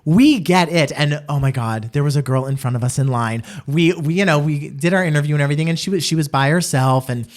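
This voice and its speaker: A man's voice: fairly high pitch, quick pace, few pauses. A young adult man co-hosting a podcast, telling a story in casual chat and acting out what people said. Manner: animated storytelling, acts out quotes. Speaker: podcast co-host.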